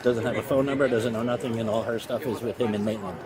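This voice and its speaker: A man's voice: mid-range voice, steady tone, fast talker. A male police officer, speaking outdoors, briefing colleagues in a blunt, matter-of-fact way, recorded on a body camera. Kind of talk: unscripted on-scene briefing. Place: outdoors near a beach. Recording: loud crowd noise around.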